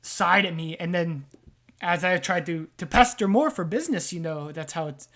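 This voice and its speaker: A man voicing a twitchy sewer-dwelling man who squeaks and babbles loudly in a tabletop game. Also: animated. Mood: chattering. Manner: high, loud, rapid babble.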